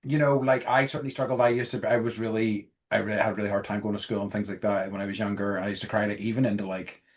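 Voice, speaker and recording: A man's voice: on the low side, fast. A man hosting a podcast, opening the show and chatting casually with his co-host. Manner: relaxed, encouraging, brief backchannel replies. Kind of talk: casual chat.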